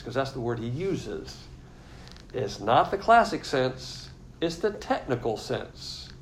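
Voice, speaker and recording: A man delivering a teaching sermon at a mid-range pitch, explaining terms patiently and circling back to repeat his main points. A faint hiss sits under the recording. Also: low-quality recording. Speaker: Bible teacher.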